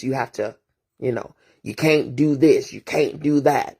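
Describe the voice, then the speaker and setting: A therapist and motivational host gives a casual morning monologue at an unhurried pace, her voice very deep, creaky and dark with a breathy edge. She hammers her points home with long, drumming lists of repeated phrases. Her tone is preachy, full of rhetorical asides to the listener.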